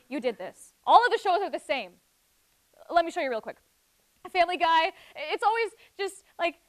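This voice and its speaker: A woman hosting a live comedy show, ranting and animated. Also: high-pitched. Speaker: show host.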